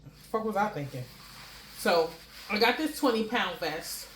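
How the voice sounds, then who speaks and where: A woman vlogger telling a story to camera in a blunt, profane, animated way, chewing and laughing between lines. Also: mid-range voice, measured pace, slight background noise. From New York City.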